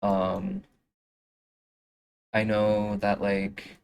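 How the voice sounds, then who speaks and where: Young live streamer, unhurried, filler-heavy chat while making art. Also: low-pitched, level tone, creaky, slight background noise, poor audio. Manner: rambling, full of fillers and restarts.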